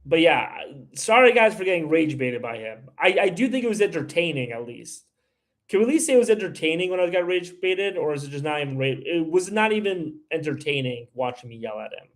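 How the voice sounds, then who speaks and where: This livestream host, speaking briskly in a high, very animated voice, answers viewers' comments with blunt, heated ranting.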